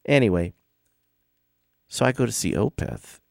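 This middle-aged podcast host tells rambling music stories in a laid-back way, full of filler words and restarts. His fairly low, gravelly voice has a sing-song lilt and a measured pace. The recording is clean studio sound with no echo.

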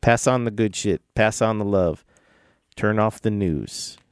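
A man's voice: on the low side, measured pace, no room sound, studio quality. A man, middle-aged, hosting his own podcast and telling rambling music stories in a laid-back, casual way. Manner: rambling, laid-back, with filler words and restarts. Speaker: podcast host. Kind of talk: casual storytelling monologue.

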